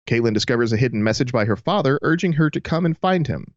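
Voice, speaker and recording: Brief: easygoing male co-host, mid-pitched, lively intonation, dull lo-fi recording. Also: quick pace, dry recording. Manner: laughs readily, easygoing. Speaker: podcast co-host. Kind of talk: casual fan discussion. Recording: dull lo-fi sound.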